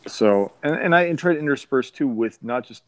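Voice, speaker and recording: A man's voice: mid-range voice, animated, no echo, poor audio. A man talking casually about his son, rambling with frequent restarts. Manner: rambling, halting, many restarts. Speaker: parent discussing his son. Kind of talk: casual podcast chat.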